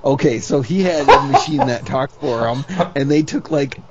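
A man's voice: mid-range voice, huge pitch swings, normal speed, a loud crowd. A man joining a casual podcast chat with offhand, joking remarks. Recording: dull lo-fi sound with faint hiss.

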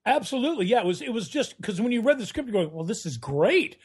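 Man, middle-aged, husky, fairly high voice, animated storyteller, casual podcast guest. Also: fast talker. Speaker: guest actor.

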